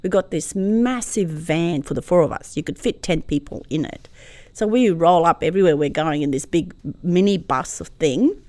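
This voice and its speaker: A woman, a guest telling a personal story in an interview, lively, moving from hushed to loud. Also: lowish voice, moderate pace, dry recording. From Croatia.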